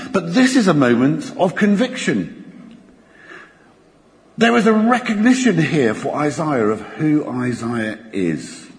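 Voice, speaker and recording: A man preaching a sermon in a church, expressive and animated, slowing down dramatically for emphasis. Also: medium pitch. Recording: church hall reverb.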